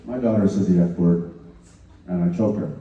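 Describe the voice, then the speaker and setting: A man telling stories on a convention stage in a halting way, with many restarts and a dry sense of humor. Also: low-pitched, recorded from a distance, lo-fi sound, noisy background. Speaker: convention panel guest. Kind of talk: casual storytelling on stage. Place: large convention hall, recorded from the audience. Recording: echoey hall audience recording from afar.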